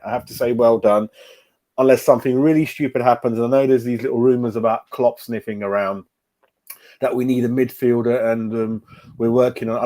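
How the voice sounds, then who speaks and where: A man's voice: mid-range voice, darkish tone. A middle-aged man hosting a football fan livestream in casual chat, greeting viewers by name and often repeating his words. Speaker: fan channel host.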